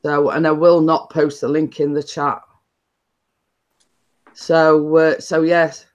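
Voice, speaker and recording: A woman's voice: sits low, level tone, takes it slowly. A woman hosting a chatty live stream, telling stories in a rambling way with many restarts.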